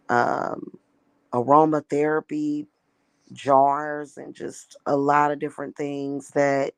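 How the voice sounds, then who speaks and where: In her vlog, a spiritual practitioner rambles casually, often repeating herself and restarting for emphasis. Her voice is low and smooth, and the audio is dry.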